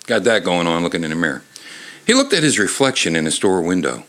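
A man in his fifties reads a picture book aloud and rambles through the pictures, cracking jokes and stumbling over words. His voice sits low yet sounds bright and sharp. His pitch swings widely as he talks. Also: big pitch swings. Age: 50s. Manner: joking, halting, lots of fillers. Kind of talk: rambling read-aloud with commentary.

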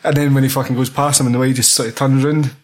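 A man's voice: mid-range voice, level tone, rapid-fire, a little mellow. A young Scottish man in casual chat about a film, enthusiastic and swearing constantly.

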